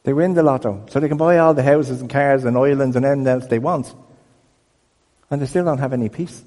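A man preaching a sermon as a pastor, telling stories in a conversational, animated way. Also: medium pitch, a little fast, in a large hall. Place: church building.

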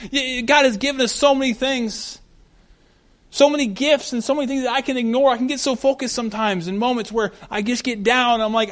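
A male pastor giving a sermon, animated and humorous, acting out the scenes he describes. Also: very high voice, fairly quick.

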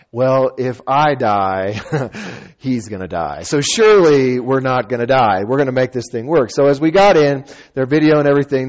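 A man telling a funny personal story to an audience, acting out the people in it and laughing often. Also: mid-range voice. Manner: animated, laughing, acting out quotes. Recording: dull lo-fi recording.

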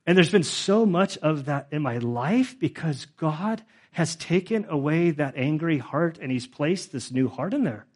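A man's voice: a little high, animated, a little slow, hardly any pauses. A middle-aged male pastor giving a conversational sermon, with frequent fillers, who grows emotional as he goes.

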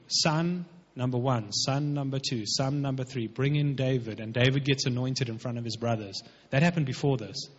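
A man preaching a sermon, retelling a scripture story in a conversational manner with frequent asides. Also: medium pitch. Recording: reverberant hall, dull lo-fi sound.

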